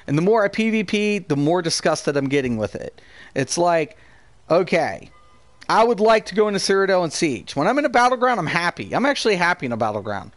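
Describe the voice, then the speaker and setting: Brief: male gaming streamer, combative and foul-mouthed, slightly high voice, dead-dry booth sound. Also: sing-song, fairly quick, no echo. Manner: heated, profane, combative. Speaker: gaming streamer and channel host. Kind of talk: live stream rant, answering chat.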